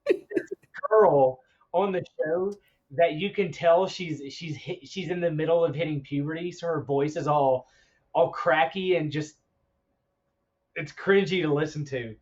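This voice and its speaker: Rambling, laughing podcast host. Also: male voice, fairly high pitch, measured pace, a little mellow, dull audio. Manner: rambling, laughs between stories. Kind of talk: casual chat.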